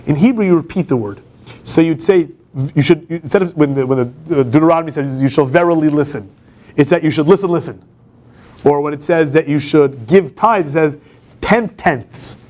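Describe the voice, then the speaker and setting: A man's voice: a little high, normal speed, a little mellow. A man, a campus rabbi, giving an informal classroom lecture, talking conversationally and putting questions to the class. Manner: conversational, asks the class questions, frequent restarts. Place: law school classroom.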